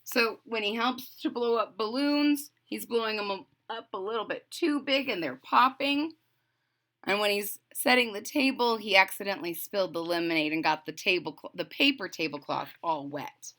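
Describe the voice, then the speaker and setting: A woman's voice: mid-range voice, moderate pace, pushed and bright. A woman reading a picture book aloud to children, stopping to explain the story in chatty asides.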